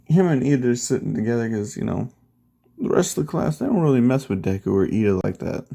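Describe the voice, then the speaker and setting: A man's voice: mid-range voice, animated, fast, vocal fry, warm tone, slightly rough. A man casually recapping a fan-made story in a laid-back, slangy, profane way.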